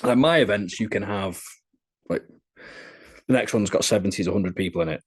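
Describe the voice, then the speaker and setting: A man's voice: on the low side, a little fast, breathy edge. A young British man telling candid, crude anecdotes in a casual podcast interview. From Britain. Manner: candid, chatty storytelling with crude humour. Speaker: adult content creator being interviewed.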